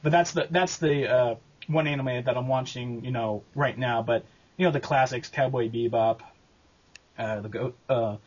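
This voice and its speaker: A man answering interview questions about making his abridged series, talking casually and haltingly with lots of fillers and restarts. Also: mid-range voice, breathy edge, highs cut off. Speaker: abridged series creator and voice actor.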